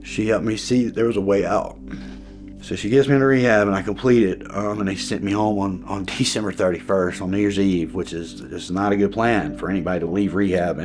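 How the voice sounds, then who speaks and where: A man telling his own story in a personal testimony, earnest and halting, restarting his sentences and at times emotional. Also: sits low, fairly even intonation, a little mellow, soft background music.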